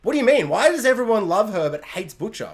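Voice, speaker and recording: High-voiced young man rambling excitedly. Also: fast talker. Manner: rambling, excitable, lots of fillers. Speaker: TV show reviewer. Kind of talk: casual spoken review.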